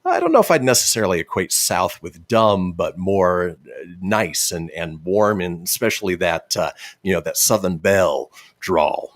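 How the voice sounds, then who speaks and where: A man's voice: deep voice, moderate pace, no room sound, clean studio sound. A man hosting a radio show, chatting casually and reading out listener messages with chuckles. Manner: lively, chuckling storyteller.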